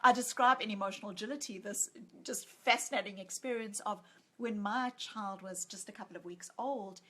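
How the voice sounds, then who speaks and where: Husky-voiced woman, psychologist type, chatting in an interview, tells stories with lots of life and does the voices of people in them. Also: medium pitch, moderate pace. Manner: animated storyteller who acts out quoted lines. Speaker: psychologist and author. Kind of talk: conversational interview.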